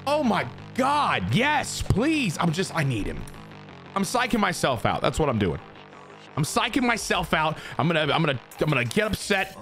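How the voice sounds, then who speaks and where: A young male gamer narrating his own baseball video game match in a raised, very lively voice. He curses, groans and cheers, talking half to himself and half to his viewers. Faint music plays underneath. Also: a little high, moderate pace. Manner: excitable, swearing, talks to himself and his viewers. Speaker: gaming streamer. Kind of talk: live gameplay commentary.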